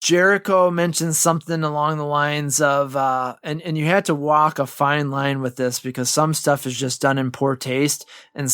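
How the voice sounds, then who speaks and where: A man's voice: a little high, fairly bright tone, clear, resonant tone, dry recording. A man co-hosting a home-studio podcast, casually retelling wrestling history with lots of fillers and restarts. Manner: rambling recap with many fillers and restarts. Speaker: podcast co-host.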